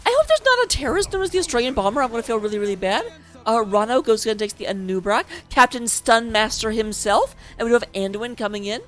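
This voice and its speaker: A woman casting a live esports match as its host, chatty and playful, joking between the picks. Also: fairly high pitch. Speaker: esports caster.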